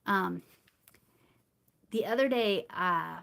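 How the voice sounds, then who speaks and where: A woman's voice: medium pitch, slow pace, creaky, fairly bright tone. Middle-aged woman rambling thru her crochet stream, lots of ums and little laughs, chatting with chat. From United States. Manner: rambling, chatty, laughs often, many fillers and restarts. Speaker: crochet livestream host. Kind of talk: casual chat with live chat viewers.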